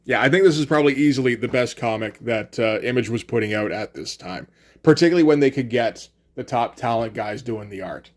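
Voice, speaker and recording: A man's voice: mid-range voice, fairly quick. Chatty man reviewing a comic. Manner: loose and chatty, acts out dialogue, swears freely.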